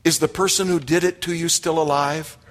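A man's voice: on the high side, fairly even intonation, brisk. A man preaching a sermon to his congregation, emphatic and direct, often asking his listeners questions. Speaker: pastor. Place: church sanctuary. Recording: long hall reverb.

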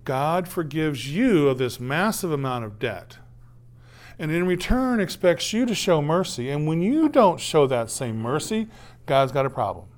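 This pastor's voice is fairly high and sing-song, moving a little slowly. He preaches in a conversational way, keeps asking "right?", and gives voice to the characters of a parable.

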